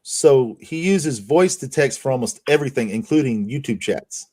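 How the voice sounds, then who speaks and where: A man's voice: medium pitch, animated, moderate pace, mellow. A man hosting a casual livestream chat, telling profane stories and laughing often. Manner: profane, laughs a lot, storytelling. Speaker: stream host.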